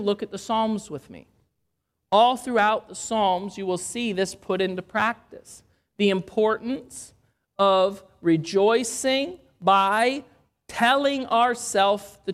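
Delivering a sermon, this woman poses rhetorical questions to her listeners. She speaks in a mid-range voice, with an earnest, measured delivery.

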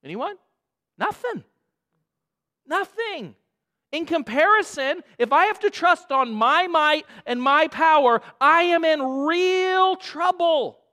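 A man preaching a sermon as a pastor, dramatic and emphatic, dropping to a hush and rising again, repeating phrases for emphasis. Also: very high voice, animated, unhurried, few pauses. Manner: dramatic, swings from hushed to loud emphasis.

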